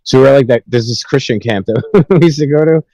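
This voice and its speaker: A man's voice: medium pitch, brisk, dark tone, muffled recording, a little hiss or hum. A young man telling rambling, profanity-filled stories with laughs in a casual podcast chat. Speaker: podcast host.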